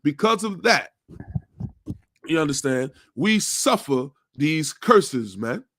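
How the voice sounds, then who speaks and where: A man leads a Bible class in a forceful, insistent preaching style. His voice sits somewhat high, and he drives his points home with rhetorical questions, tagging lines with "man." The recording is dry, with no room echo. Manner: tags nearly every sentence with "man" and "you understand?". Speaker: religious class teacher.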